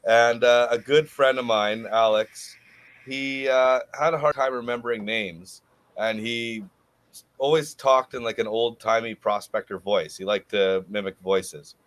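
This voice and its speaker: A man's voice: medium pitch, fairly even intonation, measured pace, a bit bright, dry recording. A man talking as a guest on a podcast, an easygoing storyteller who laughs easily. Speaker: podcast guest, gold prospector. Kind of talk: casual podcast interview.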